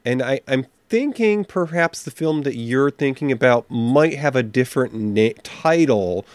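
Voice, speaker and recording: A man hosting a movie program, chatting casually with halting fillers. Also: mid-range voice, expressive, no echo. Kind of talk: casual chat.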